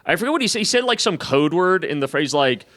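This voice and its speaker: A man's voice: fairly high pitch, fast talker. A stand-up comedian, a man, telling a profane, self-mocking story in casual chat, acting out the other people in raised voices. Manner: animated, acts out quotes in raised voices. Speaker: stand-up comedian, podcast guest.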